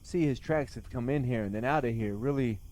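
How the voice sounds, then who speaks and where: A man with a warm, mellow voice plays his character in a tabletop game. He trades quick, jokey banter with the other players. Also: medium pitch.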